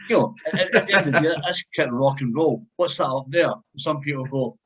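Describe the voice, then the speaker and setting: A man's voice: medium pitch, fast, few pauses, a bit bright, low-quality recording. A man hosting a casual interview over a video call, chatty and laughing often. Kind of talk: casual chat.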